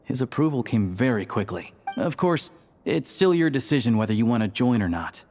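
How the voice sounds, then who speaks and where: An actor playing a calm, discreet young man of a secret society in a video game, explaining things in a measured way. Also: medium pitch, faint music behind.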